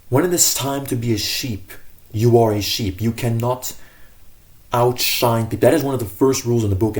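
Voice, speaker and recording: Earnest man with a dark, low voice. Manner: earnest, rambling, self-correcting. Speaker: self-improvement vlogger. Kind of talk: casual advice monologue.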